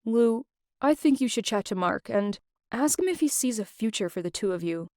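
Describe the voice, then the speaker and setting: A soft-spoken, earnest young man who cares for his friend, acted by a woman narrator in an animated storybook. The sound is dry and close, with a fairly high voice. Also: normal speed, no room sound. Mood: tender. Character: gentle caring young male friend.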